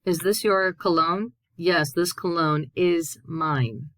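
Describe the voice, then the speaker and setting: Low-voiced woman teaching a Spanish lesson. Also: slow pace, a bit bright, no echo. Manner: explains step by step, reads Spanish examples then translates. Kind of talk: recorded classroom lesson.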